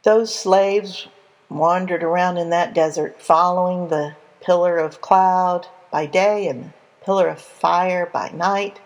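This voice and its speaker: A woman telling a Bible story in an animated, conversational way for young listeners. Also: fairly low pitch, unhurried, rough recording.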